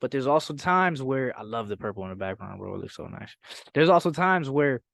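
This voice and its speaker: Halting man in casual podcast chat. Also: medium pitch, sing-song, vocal fry, fairly bright tone, dry recording, studio quality. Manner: halting, searching for words, casual slang. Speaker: podcast guest.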